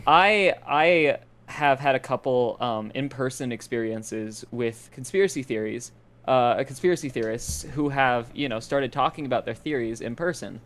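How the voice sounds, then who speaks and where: A man's voice: mid-range voice, normal speed, fairly bright tone. A young man from Idaho, a podcast co-host, telling a rambling story in casual chat and laughing as he goes. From Boise, Idaho.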